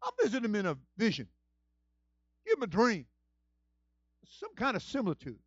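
A preacher voicing God, a stern deity rebuking his followers in slow, solemn phrases. The voice sits lower than his preaching tone and rings dry and a little dull. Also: wildly swooping pitch, husky, dry recording, heavily acted.

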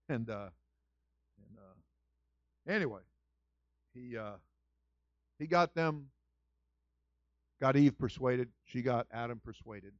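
A man preaching a sermon as senior pastor, with a lively storytelling manner that swings from loud to soft. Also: mid-range voice, slow pace, long pauses, no echo, dull audio.

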